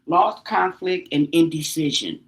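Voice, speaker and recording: A woman doing a casual tarot reading for viewers, exclamatory and animated, pleading with the cards to tell her more. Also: low voice, unhurried. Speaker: tarot reader.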